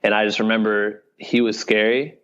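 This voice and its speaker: A low-voiced man from Iowa talks casually as a podcast guest, his delivery flat and even. He rambles loosely with lots of fillers. The audio sounds dull and lo-fi. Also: moderate pace. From Iowa, US Midwest. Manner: loose rambling talk full of fillers, "you know what I mean". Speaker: guest, video director and creator.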